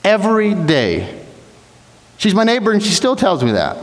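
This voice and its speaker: An earnest young male preacher with a fairly high voice, exhorting his congregation and often restarting a phrase. His voice rings out with a long reverb, as in a big church hall. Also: wildly swooping pitch, brisk, slight background noise. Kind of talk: sermon. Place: church sanctuary.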